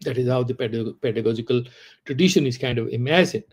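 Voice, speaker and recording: Man teaching philosophy, mellow voice. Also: mid-range voice, fast. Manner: explains in repeated rhetorical questions, reciting Sanskrit verses. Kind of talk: class lecture.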